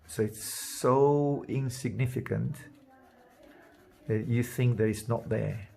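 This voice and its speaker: Guy with a low gravelly husky voice talking thru a drawing demo, mutters to himself as he shades. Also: a little mellow. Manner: thinks aloud while drawing, trailing into murmurs. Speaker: art teacher. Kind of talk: drawing demonstration.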